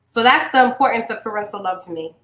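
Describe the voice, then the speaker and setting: A woman hosting a podcast in casual chat, animated and blunt, swearing freely and laughing often. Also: medium pitch, fast talker, roomy sound, poor audio. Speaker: podcast host.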